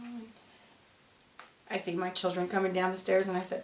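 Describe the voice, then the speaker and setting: A woman telling her own story in an interview, halting and emotional, with frequent restarts. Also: mid-range voice, fairly even intonation. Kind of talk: personal testimony. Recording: roomy, distant mic, faint noise.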